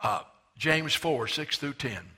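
Forceful older preacher, man in his seventies. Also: medium pitch, expressive, breathy edge. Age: 70s. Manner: emphatic preaching, slows and stresses scripture readings. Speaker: pastor. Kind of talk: sermon.

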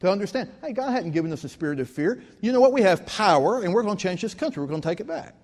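A man's voice: high-pitched, very animated, rapid-fire, a little mellow. Man preaching in a reverberant church. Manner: preaching with rising emphasis and storytelling. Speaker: pastor. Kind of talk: sermon. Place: church sanctuary.

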